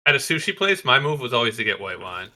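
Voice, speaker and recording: A man's voice: medium pitch, sing-song, fast talker, bright, forceful tone. A man chatting casually on a podcast, joking and teasing his co-host and laughing often.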